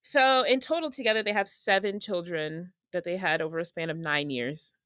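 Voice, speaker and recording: A woman's voice: on the low side, normal speed, a bit bright, no room sound. Blunt, sarcastic young woman, dry close sound. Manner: blunt, sarcastic, laughs often. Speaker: podcast co-host. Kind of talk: casual gossip chat.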